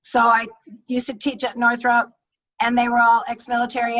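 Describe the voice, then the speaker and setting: A woman speaking coach giving an energetic, emphatic talk on public speaking over a video call. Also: fairly high pitch, normal speed, lo-fi sound. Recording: distant-sounding video call audio.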